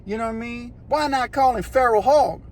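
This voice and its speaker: A man telling a prison story in a casual, animated, slangy way, acting out voices and sounds. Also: very high voice, fairly quick. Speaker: storyteller recounting prison life.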